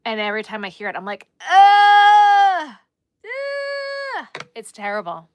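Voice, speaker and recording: A woman's voice: medium pitch, fairly even intonation, racing, fairly bright tone, no echo. A woman with a New Jersey accent, hosting a casual livestream and chatting in a rambling way while she crochets. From Newark, New Jersey. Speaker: livestream host.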